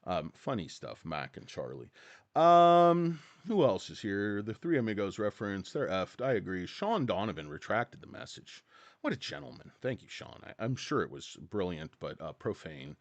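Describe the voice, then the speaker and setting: A man chats loosely on his live stream, drifting off topic and swearing casually while calling out viewers by name. His pitch rises and falls with a lively bounce. The sound is dry and close, with no room around it. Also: moderate pace, no room sound. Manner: rambling, profane, greets chat viewers by name. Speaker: livestream host.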